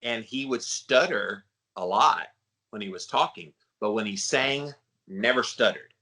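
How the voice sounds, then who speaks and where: A man with a baritone voice hosting a podcast interview, chatty and rambling. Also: unhurried, pushed and bright. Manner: chatty, rambling, with frequent fillers. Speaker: podcast host.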